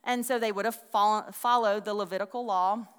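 A woman's voice: mid-range voice, fairly even intonation, a little fast, fairly bright tone, clean tone. Chatty woman preaching in a reverberant hall. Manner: folksy, chatty, with many restarts and asides. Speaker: Bible teacher. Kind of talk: conversational sermon.

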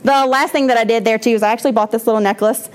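A woman shares a personal testimony with a church class. Her voice sits a little on the high side. She talks candidly and loosely, breaking off and restarting her sentences and laughing as she goes. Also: steady tone, very fast. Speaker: speaker at a church moms' class.

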